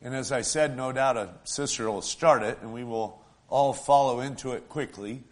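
Emotional preacher man, swelling and hushing. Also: mid-range voice, normal speed. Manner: emotional, swells loud then drops soft; folksy, asks the congregation "right?". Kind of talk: sermon.

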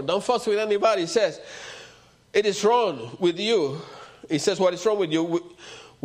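A high-pitched male pastor preaching to his congregation. He fires rhetorical questions and answers them himself. He moves from loud, emphatic phrases to low, almost hushed lines. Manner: rhetorical questions with call-and-response; swings between loud emphatic and low quiet delivery. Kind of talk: sermon.

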